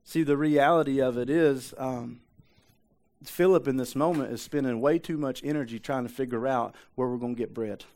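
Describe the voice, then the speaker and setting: A man's voice: mid-range voice, moderate pace, darkish tone. A male pastor preaches in a casual, conversational way. He hammers his points home by repeating them and keeps asking the room rhetorical questions. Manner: repetitive emphasis, rhetorical questions. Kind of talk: conversational sermon.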